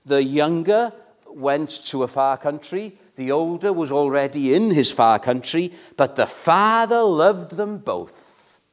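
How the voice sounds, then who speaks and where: Slow, earnest male preacher. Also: on the high side, lively intonation. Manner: measured, earnest, with pleading emphasis and questions to the congregation. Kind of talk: sermon.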